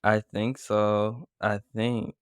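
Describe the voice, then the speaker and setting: A man's voice: lowish voice, little pitch movement, takes it slowly, clean tone, dry recording. A man co-hosting a podcast, chiming in with dry, joking remarks in casual chat. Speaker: podcast co-host.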